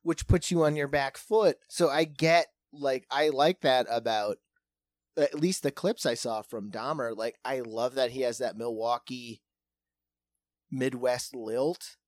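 A man's voice: medium pitch, fairly even intonation, unhurried, no echo. A man from South Dakota in casual conversation as a podcast co-host, chatty and jokey, often trailing off. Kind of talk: casual chat.

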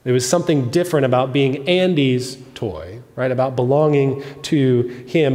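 A man delivering a sermon in a church, his mid-range voice earnest and emphatic at times, then hushed and intimate. The sound carries a long reverb from the large hall. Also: medium pitch, normal speed, hardly any pauses. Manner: earnest, rising to emphatic peaks then dropping soft. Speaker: pastor.

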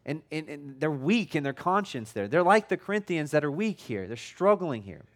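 A male pastor preaching a casual, conversational sermon, often restarting and repeating words, with a tone that can come across as loud. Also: on the high side, sing-song, moderate pace. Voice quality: tone that can sound loud or angry.

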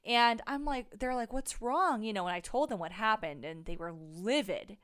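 A woman's voice: medium pitch, moderate pace. A young woman co-hosting a podcast, telling a story in a casual chat and acting out what people said, with a lot of "like"s. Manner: animated storyteller, acts out quotes with many "like"s. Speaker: podcast co-host.

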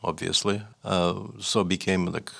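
An older man with a Russian accent recounts his past as an interview guest. His voice is low and gravelly, and he talks hesitantly, full of fillers and restarts. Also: level tone, unhurried, a bit bright. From Leningrad, Soviet Union. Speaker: guest, writer. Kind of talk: reflective storytelling interview.

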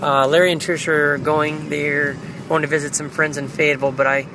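A man's voice: a little high, little pitch movement, fairly quick, noisy background. A man recording an earnest, reflective spiritual video diary, speaking prayerfully about his faith. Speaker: video diarist. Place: car.

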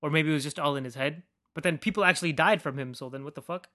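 A man with a fairly high voice rants casually as a podcast host. He rambles and swears freely, leaning on "like" between thoughts. The recording is dry and close, with no room sound. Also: quick pace, bright, forceful tone, no echo. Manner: rambling, profane, heavy use of "like".

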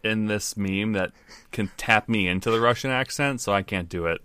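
A man's voice: fairly low pitch, moderate pace, pushed and bright, clean tone, no room sound. A man co-hosting a podcast in casual banter, with a dry, sarcastic manner and a lot of swearing. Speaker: podcast co-host.

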